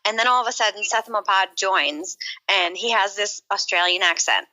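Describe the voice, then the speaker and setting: A woman telling a story to friends in a casual voice chat, animated and giggly. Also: mid-range voice, normal speed, no room sound, low-quality recording. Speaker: stream guest.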